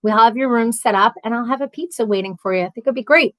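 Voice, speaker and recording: A woman hosts a casual live stream, reading comments aloud and answering them one by one. Her voice sits a little high, and she talks in a loose, rambling way with animated storytelling. The sound is dry and close, with no room echo. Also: fast. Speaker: livestream host reading viewer comments.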